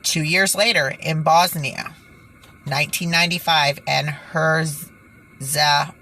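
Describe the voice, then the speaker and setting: A woman's voice: low-pitched, fairly even intonation, a little slow, bright, forceful tone, slight background noise. A woman hosting her own channel, talking in an exasperated, indignant way, sighing and stumbling over words as she reads from news reports. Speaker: channel host. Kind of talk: indignant vlog commentary.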